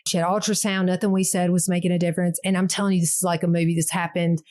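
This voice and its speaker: A woman's voice: lowish voice, little pitch movement, rapid-fire, a little mellow. Earnest woman telling stories. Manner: earnest, storytelling, frequent "you know". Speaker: pregnancy center worker, guest. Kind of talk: casual interview chat.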